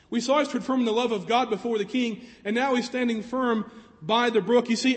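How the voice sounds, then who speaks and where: A man preaching a sermon in an earnest way, asking rhetorical questions. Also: very high voice. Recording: long reverb of a large hall.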